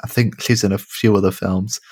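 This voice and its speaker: A man with a British accent chatting casually about a film, animated and mocking, slipping into silly impressions. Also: fairly low pitch, a little fast, husky. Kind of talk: casual film review chat.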